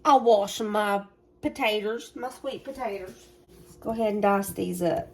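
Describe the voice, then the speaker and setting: Background noise runs under this casual cooking vlog, where a Southern woman speaks folksily to her viewers from her home kitchen. Her voice is medium-pitched and her pace a little slow.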